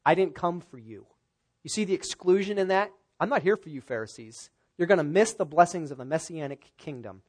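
A man preaching from the pulpit in an expository sermon. His voice sits a little high for a man, and he leans hard on key words, repeating them with loud stresses. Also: animated, fairly quick, husky. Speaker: pastor.

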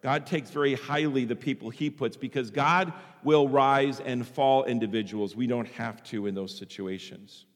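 A man preaching a sermon in an animated way, sometimes acting out the voices of the people he quotes. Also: mid-range voice, moderate pace, hardly any pauses. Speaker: pastor. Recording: long hall reverb.

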